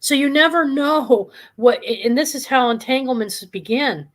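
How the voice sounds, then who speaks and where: A woman hosting a live talk show, telling a calm, reflective story from her own past. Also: high voice, normal speed. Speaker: host.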